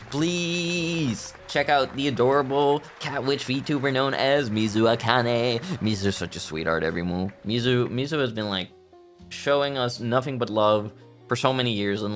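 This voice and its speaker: A man streaming live as a VTuber, chatting casually and playfully, often giggling and bursting into theatrical outbursts. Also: fairly low pitch. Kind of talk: casual livestream chat.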